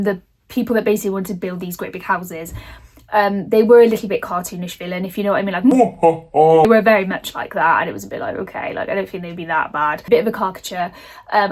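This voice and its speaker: A woman vlogger chatting casually about books she wants to read, rambling, laughing often and swearing freely. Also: mid-range voice. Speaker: book vlogger. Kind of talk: casual book chat.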